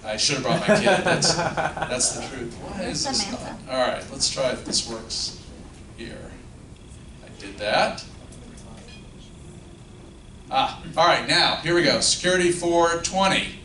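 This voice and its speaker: A man's voice: on the high side, animated, unhurried, long pauses. A man giving a live legal talk to an audience, joking and self-deprecating as he asks them questions. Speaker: legal counsel speaking at a luncheon. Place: luncheon function room. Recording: roomy, distant mic, background noise.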